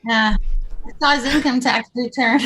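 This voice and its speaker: High-voiced, giggly woman telling stories. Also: normal speed, bright, forceful tone. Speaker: podcast guest. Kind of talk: casual anecdotal storytelling.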